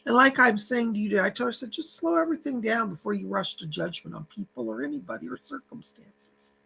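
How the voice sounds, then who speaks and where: A man's voice: very high-pitched, animated, fast, vocal fry, pushed and bright, slight background noise. A man who works as a psychic, giving an earnest, uplifting spiritual vlog message and retelling a phone call. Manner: preachy, uplifting address to viewers.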